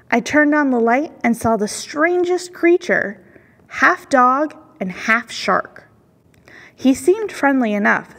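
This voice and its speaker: A woman reading a children's picture book aloud at a library storytime, calm and steady. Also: fairly high pitch, creaky, big-room sound.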